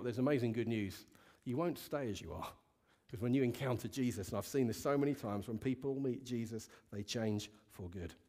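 A man's voice: mid-range voice, darkish tone. A male pastor giving a sermon to a congregation, telling a story in a candid, conversational way and asking the room questions. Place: church hall with a congregation.

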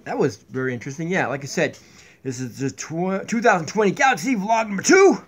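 A man's voice: high-pitched, expressive, fairly quick, breathy edge. A man chatting casually in a home vlog, rambling with mumbled asides, recorded on a tablet in his kitchen. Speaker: vlogger. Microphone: tablet built-in mic.

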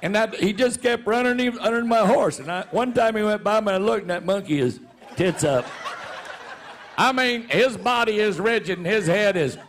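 In a folksy bit of comic storytelling, a man who announces rodeos and appears regularly on the show laughs at his own tale. His voice sits high and a bit bright at a moderate pace, with a little hiss or hum in the audio.

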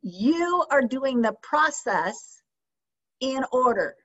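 A woman teaching a sales training session, lively and often checking in with her audience with questions. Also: high voice, takes it slowly. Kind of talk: training session on a video call. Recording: slightly dull lo-fi sound.

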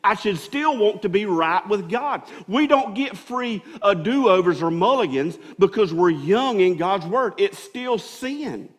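Preaching a sermon with lively intonation at a measured pace and hardly any pauses, a pastor's high, ringing voice repeats and restarts phrases while building toward his point. Around him, the church sanctuary carries a long reverb that his voice fades into.

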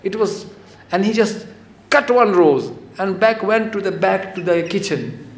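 High-voiced man giving a devotional lecture. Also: a little slow. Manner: conversational, animated, acts out quotes. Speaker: spiritual lecturer. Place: temple hall. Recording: echoey hall with faint noise.

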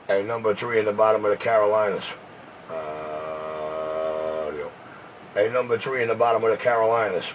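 A man's voice: lowish voice, normal speed, distant mic, slight background noise, rough recording. A man from New York with a New York accent, making repetitive stammering call-outs as a CB radio operator. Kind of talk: CB radio chatter.

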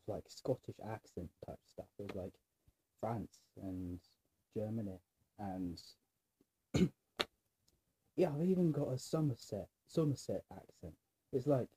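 A man with a sore throat and a nagging cough, rambling in a scattered, self-deprecating way to his camera and clearing his throat often. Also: lowish voice, dark tone, a little hiss or hum. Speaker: vlogger. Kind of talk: rambling casual monologue to camera.

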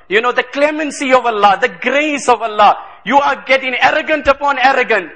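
A man's voice: sits high, pushed and bright, poor audio. A man preaching a sermon with impassioned urgency, reciting Arabic and retelling a story to young people.

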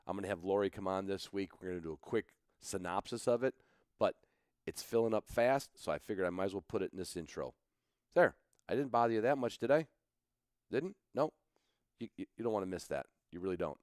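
A road-weary man hosts a podcast from a picnic table in a garage, chatting casually and rambling. He jokes at his own expense between asides, his low voice expressive, brisk, and a little mellow.

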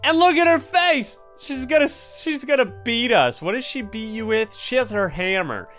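A young man commentating a horror game, excitable and jokey, exclaiming often. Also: extremely high pitch, moderate pace, faint music behind. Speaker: gaming video host.

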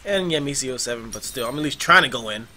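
A young man commentating his own online match, exasperated, swearing and yelling at his teammates. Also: medium pitch, lively intonation, fast, slight background noise. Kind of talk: frustrated live gameplay commentary. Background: game music.

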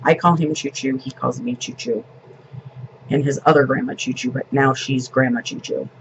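A woman's voice: a bass voice, normal speed, creaky, dull audio, a little hiss or hum. A woman in her fifties, a grandmother and vlogger, telling a family story in casual, rambling chat.

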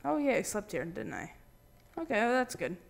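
A man hosting his own gaming channel, giving casual let's-play commentary with random, jokey, excitable banter. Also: high voice, normal speed, vocal fry, a little hiss or hum.

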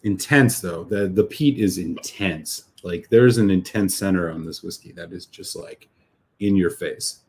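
Excited whisky-tasting man, low voice. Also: a little slow. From United States. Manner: enthusiastic, many filler "like"s and restarts. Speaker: whisky reviewer host. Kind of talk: casual live-stream tasting chat.

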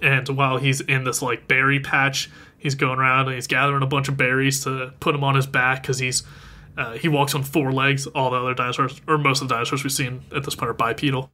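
Bright-voiced man recapping a cartoon. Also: medium pitch, fairly quick. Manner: laughing often, animated retelling. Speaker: podcast host. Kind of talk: casual chat, episode recap.

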